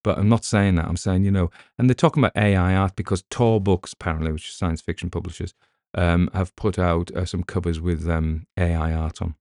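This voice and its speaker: A middle-aged British man with a very low, mellow voice talks in a loose, rambling way. He drifts between topics and drops in wry asides. The sound is close and dry, with no room around it. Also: steady tone, brisk, no echo. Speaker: audiobook narrator. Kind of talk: casual chat.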